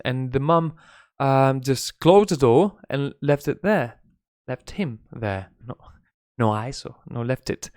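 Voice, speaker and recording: A Spanish-accented man, Spanish his first language, teaching English in a loose, gossipy way that slides into Spanish. His voice sits in a middle pitch. It is recorded close and dry, with no room sound. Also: clear, resonant tone, no room sound. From Spain. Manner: chatty, gossipy, swears, mixes Spanish into English. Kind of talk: casual live-stream English lesson.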